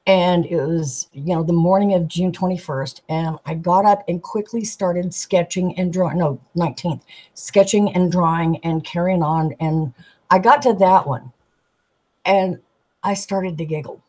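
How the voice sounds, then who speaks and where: Woman, tarot artist guest, husky, lowish voice, lively anecdotal chat. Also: measured pace, low-quality recording. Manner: animated storyteller, giggly, acts out quoted voices. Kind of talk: casual storytelling chat.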